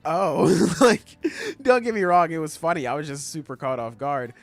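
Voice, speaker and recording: A man hosting a podcast, chatting casually about anime in an animated, profane way and laughing often. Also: on the high side, moderate pace, creaky, no echo, soft background music. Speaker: podcast host.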